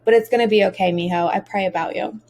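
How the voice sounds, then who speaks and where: A woman reading the lines of a tearful, loving old grandmother in an audiobook, with soft, crying-tinged delivery. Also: medium pitch, steady tone, fast talker, natural voice.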